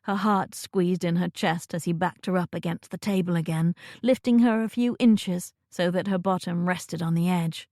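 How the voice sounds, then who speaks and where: A woman narrating a romance audiobook in a measured, intimate way, close to a studio mic in a dry booth. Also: fairly low pitch, steady tone, a little mellow, no room sound.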